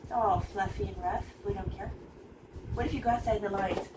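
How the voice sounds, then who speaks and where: A woman's voice: medium pitch, steady tone, a little fast, background noise. A woman teaching a casual painting lesson, playful and chatty, tossing in silly sound effects as she works in a small art room.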